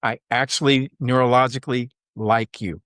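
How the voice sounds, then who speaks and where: A man's voice: mid-range voice, fairly even intonation, normal speed, fairly bright tone, dry recording, clean studio sound. A man speaking as an interview guest who is a trainer, sincere and affirming in tone. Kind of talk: casual interview talk.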